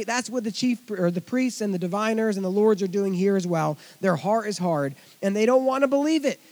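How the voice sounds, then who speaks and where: Man, pastor, sermon, high voice, animated delivery, loud emphasis and quiet asides, chatty with congregation. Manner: expository Bible teaching, conversational asides to congregation.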